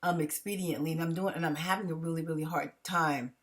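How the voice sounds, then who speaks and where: A woman talks straight into her camera, rambling, restarting and filling every pause. She is under heavy stress and sounds it, her voice a little on the low side. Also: steady tone. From United States. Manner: rambling, halting, many fillers and restarts. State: stressed, agitated. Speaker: vlogger. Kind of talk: emotional personal vlog.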